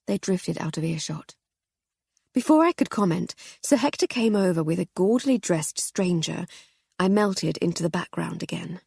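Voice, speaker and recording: A woman narrates a cozy mystery with wry, measured storytelling. Her voice is low and husky yet very lively in pitch, recorded close and dry. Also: no room sound. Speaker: audiobook narrator. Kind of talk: scripted narration.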